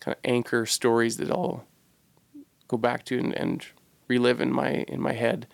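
A man's voice: medium pitch, level tone, normal speed, gravelly, no room sound. A man co-hosting a podcast, telling a personal story in an earnest, reflective way and searching for his words as he goes. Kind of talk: casual storytelling.

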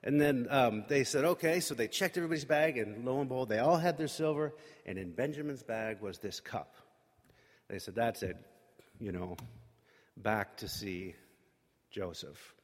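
A man's voice: medium pitch, animated, normal speed. Guy casually telling a bible story, lots of ums, mid voice, long echo like a big hall. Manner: loose retelling with lots of fillers and acted-out quotes. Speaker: Bible teacher. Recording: long reverb from a large room.

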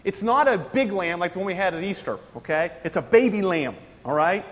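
A man's voice: sits high, lively intonation, brisk, in a large hall. A man preaching a sermon, explaining scripture with frequent asides and questions to his congregation. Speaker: pastor.

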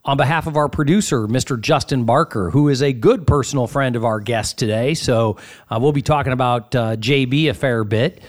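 A man's voice: medium pitch, fairly quick. A man hosting a radio talk show, introducing and interviewing a guest in a polished way.

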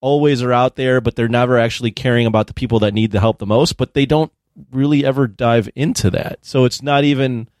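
Male podcast co-host, mid-pitched, dry close sound, incredulous and animated. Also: a little fast, hardly any pauses, no echo. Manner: animated, incredulous, acts out scenes. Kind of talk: casual movie review chat.

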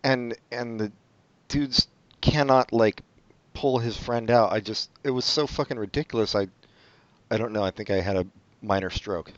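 A man's voice: on the low side, normal speed, no room sound, highs cut off. A man in casual film chat who is sardonic and swears freely.

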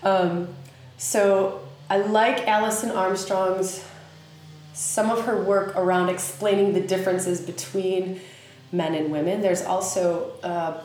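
A woman with a Southern US accent hosting a podcast, teaching in a casual, animated way with many fillers. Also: on the low side. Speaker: podcast host. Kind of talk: casual spoken teaching monologue. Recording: very echoey room with faint ambience.

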